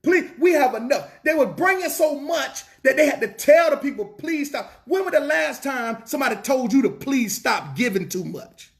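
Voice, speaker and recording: A man's voice: extremely high pitch, expressive, normal speed, creaky, few pauses. A man preaching a fervent sermon in a church, repeating lines and asking the congregation rhetorical questions, with a Southern US accent.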